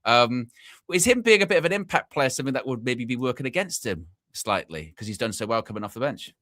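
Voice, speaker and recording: Bright-voiced man, chatty fan co-host. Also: quick pace, dry recording, studio quality. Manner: animated, mimics friends in high voice. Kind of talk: casual football chat.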